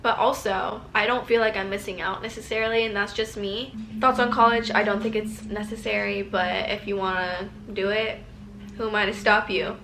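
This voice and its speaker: A woman's voice: mid-range voice, fairly even intonation, normal speed, fairly bright tone, a little hiss or hum. A woman in her twenties chatting casually while answering viewer questions in a vlog, peppering her talk with "like" and casual slang. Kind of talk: casual advice Q&A chat.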